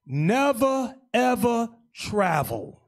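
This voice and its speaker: A man preaching as bishop in an emphatic, loud sermon style. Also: extremely high pitch, sing-song, drawn-out words, gravelly. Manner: loud, emphatic, shouting at peaks. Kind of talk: animated sermon teaching.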